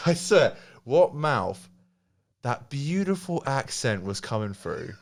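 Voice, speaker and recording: Animated man with an English-Australian accent. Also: mid-range voice, moderate pace. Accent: English-Australian mix. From England. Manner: animated, acts out both sides of a story with lots of "like". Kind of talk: casual storytelling chat.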